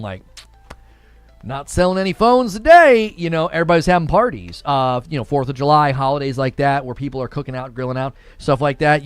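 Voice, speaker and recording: Animated man hosting a livestream. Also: mid-range voice, no room sound. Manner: animated, laughs often, quick asides. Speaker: livestream host. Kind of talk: casual livestream chat, reading viewer messages.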